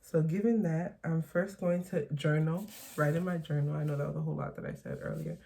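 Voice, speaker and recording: Young woman vlogging, real candid and halting, kinda gravelly fry in her voice. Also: low-pitched, fairly even intonation, mellow. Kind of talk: emotional personal vlog.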